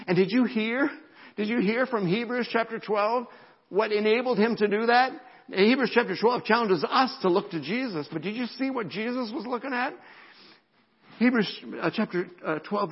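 Gravelly-voiced pastor preaching, lo-fi sound. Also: male voice, sits high, normal speed. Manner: animated, repeats words, drops to a whisper for emphasis. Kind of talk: sermon.

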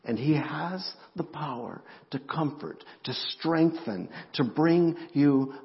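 A middle-aged man preaching a sermon as pastor, emotional, moving between hushed, halting passages and rising, intense ones. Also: on the high side. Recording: muffled sound in a reverberant hall.

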